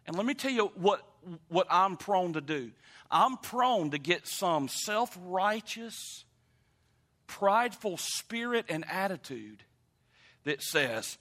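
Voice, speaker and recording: A man preaching a sermon, emphatic and animated, speaking straight to the congregation. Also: sits high, slow. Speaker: pastor.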